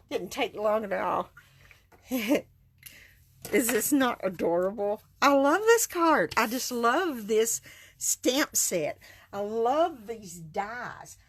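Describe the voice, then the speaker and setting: A woman's voice: on the high side, expressive, very slow, pauses often, breathy edge. A woman, chatting through a live card-making demonstration, enthusiastic and laughing often. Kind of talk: casual live stream demonstration.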